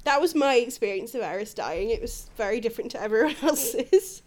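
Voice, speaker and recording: Brief: woman co-host, giggly anecdote-teller, voice a touch high. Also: expressive, fairly quick. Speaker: podcast co-host. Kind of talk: casual chat.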